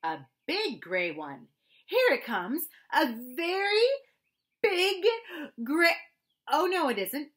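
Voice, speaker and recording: A woman voicing a simple, good-natured male teddy bear in a storybook reading, gentle and wondering. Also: high-pitched, big pitch swings, slow, pauses often, pitched above the performer's own voice, exaggerated voice.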